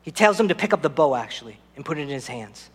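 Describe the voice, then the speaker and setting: A man's voice: on the high side, lively intonation, fast, breathy edge, in a large hall. A man preaching a sermon as pastor, telling a personal story and speaking directly to the congregation.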